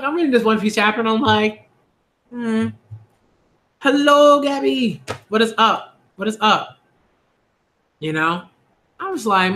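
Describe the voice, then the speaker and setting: A man rambles through a casual reaction stream, circling back on himself with likes and you-know-what-I-means. His voice sits high and bright, edging on tense. The room around him rings with echo. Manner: rambling, repetitive fillers, bursts of high laughing excitement. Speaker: manga reaction youtuber.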